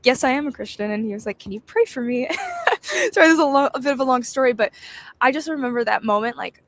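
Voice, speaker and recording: A woman's voice: a little high, very fast. A young woman giving a casual devotional talk, chatty and storytelling, laughing often. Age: young adult. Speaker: devotional host.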